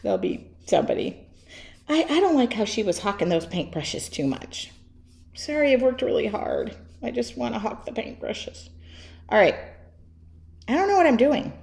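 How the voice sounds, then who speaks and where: A woman's voice: a little high, big pitch swings, moderate pace, creaky, a little mellow. A woman teaching a live painting demo from her home studio, chatty and self-mocking, laughing at herself as she works. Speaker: art teacher.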